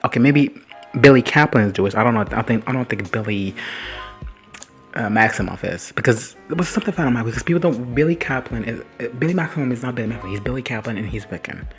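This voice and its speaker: A man's voice: mid-range voice, lively intonation, fast talker, faint music behind. A man casually recapping and reacting to a TV episode, rambling and sassy, swearing freely and laughing often. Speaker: reaction video host.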